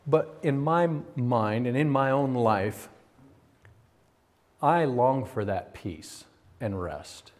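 Middle-aged man, pastor, sermon delivery; mid-range voice, emphatic builds, quiet asides. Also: medium pitch. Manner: emphatic, swinging from raised intensity to quiet confiding.

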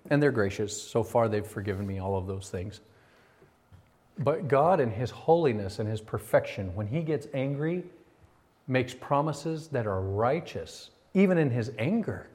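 A man's voice: mid-range voice, animated, moderate pace. Emphatic preaching pastor, man. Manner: emphatic, swinging from raised intensity to quiet confiding. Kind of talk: sermon.

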